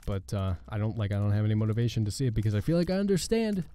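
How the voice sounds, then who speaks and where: A man hosting a gaming channel, chatting casually and rambling with halting, sarcastic asides over gameplay. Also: on the low side, sing-song, mellow, smooth.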